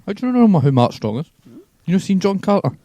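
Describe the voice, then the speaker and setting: A fast-talking man with a warm, mellow voice, chatting with friends on a podcast. He tells anecdotes in an animated way, recorded dry and close. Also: high voice, dry recording. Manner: rapid, animated storytelling. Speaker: podcast co-host. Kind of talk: casual chat.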